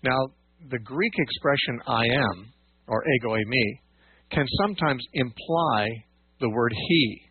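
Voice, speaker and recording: A man's voice: mid-range voice, a little slow, husky, no room sound. A man hosting a call-in radio show, patiently explaining scripture with frequent fillers and restarts. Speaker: radio Bible teacher and call-in host. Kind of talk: call-in radio Bible teaching. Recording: dry phone-like radio audio.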